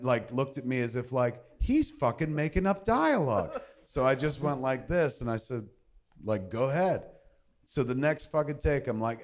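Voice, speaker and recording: A middle-aged man hosts and tells a rambling, foul-mouthed story, jumping into quoted voices and laughing along the way. His pitch sits in an ordinary middle range for a man. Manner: animated storyteller, laughing, swearing, acting out quotes. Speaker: host telling a story. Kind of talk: casual anecdote, profane.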